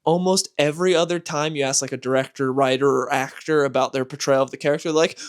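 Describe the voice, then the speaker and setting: A man giving casual, animated commentary as a comic book channel host, exasperated and ranting. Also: mid-range voice, fast talker, few pauses, clean tone.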